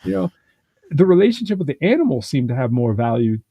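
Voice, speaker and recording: A man co-hosting a podcast, retelling a show in a rambling, animated way full of fillers and restarts. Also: fairly high pitch, fast talker, creaky, slightly rough, muffled recording. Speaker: podcast co-host. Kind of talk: casual conversational chat.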